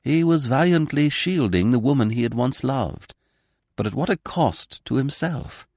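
A man's voice: mid-range voice, lively intonation, normal speed, a little mellow, no echo, clean studio sound. A man giving a dramatic scripted reading of a classic mystery novel. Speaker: audiobook narrator. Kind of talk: scripted narration.

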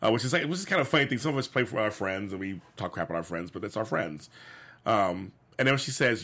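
A man's voice: on the low side, animated, fast talker, fairly bright tone. A man in a casual chat recapping a sitcom episode, rambling with many restarts and fillers. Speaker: podcast co-host.

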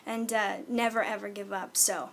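A woman's voice: medium pitch, steady tone, normal speed, gravelly, a bit bright, slight background noise. A young woman singer answering interview questions in an easygoing, giggly way with many fillers. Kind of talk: casual interview chat.

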